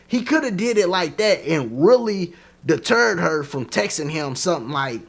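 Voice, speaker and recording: A man reviewing a TV episode in a casual, animated way, laughing often and acting out characters' lines. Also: sits high, normal speed, creaky. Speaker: TV show reviewer.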